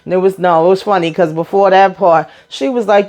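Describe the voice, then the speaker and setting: Speaking fairly quickly with few pauses, a woman with a lowish voice runs through a reality TV episode for her channel. She's animated and casual, curses freely, and performs the lines of the show's cast.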